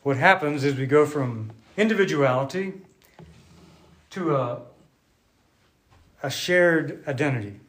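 A man giving a sermon to a congregation, unhurried and conversational, thinking aloud with restarts while drawing on a board. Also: on the high side, a bit bright. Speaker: preacher.

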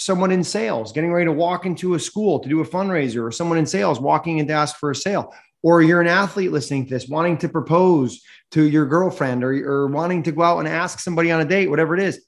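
A man hosting a coaching podcast, talking in an energetic, emphatic coaching manner and reading a sponsor message. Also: fairly high pitch, fast talker. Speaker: host and mental performance coach.

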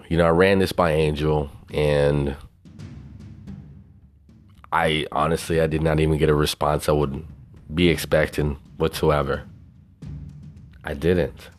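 A man with a Southern US twang talks through his own podcast in a loose, profane, bragging ramble. His voice sits extremely low, a deep bass rumble. Faint music plays underneath. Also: steady tone, slow pace, pauses often. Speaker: podcast host. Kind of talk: casual solo podcast talk.

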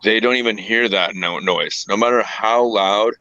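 A man with a lowish voice and a bright edge offers dry, teasing remarks in a hockey chat. His sound is dry and close but dull and lo-fi. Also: normal speed, dry recording. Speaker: co-host. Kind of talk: casual sports chat.

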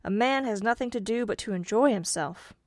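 A woman's voice: a little high, brisk, lightly acted. A greedy, impatient young farmer from an old fairy tale, as a woman reading the story puts him on. He sounds eager and demanding, pressing hard for riches. The room is dry, with no echo.

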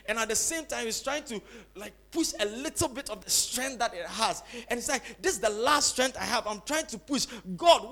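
A man preaching a sermon as pastor, swinging between loud cries and quiet, dropped-voice asides to the congregation. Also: high voice. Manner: preaching with dramatic rises to shouting and drops to soft asides.

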